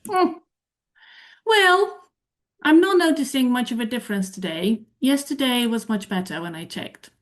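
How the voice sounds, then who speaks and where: A woman giving a conference talk with a live software demo, explaining her points while thinking aloud and correcting herself as she goes. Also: fairly high pitch, lively intonation, moderate pace. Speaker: presenter on medical English teaching.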